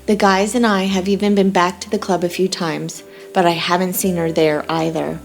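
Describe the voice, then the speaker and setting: A lovesick young man telling his story in first person, read by a woman in an audiobook. He sounds wry and a little defensive, and the voice sits low. Faint music plays behind. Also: flat delivery, moderate pace, creaky.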